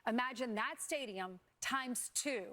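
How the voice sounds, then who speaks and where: A woman on a TV news panel makes her case in an emphatic, rhetorical style. Her voice is pitched a little high. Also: a little slow, bright, forceful tone. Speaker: TV news commentator. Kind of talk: TV news commentary.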